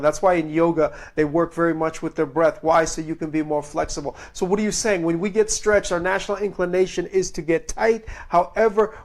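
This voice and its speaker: A male preacher delivering a sermon, telling stories with animated swings between loud and hushed, and reading scripture in slow, drawn-out phrases. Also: fairly high pitch.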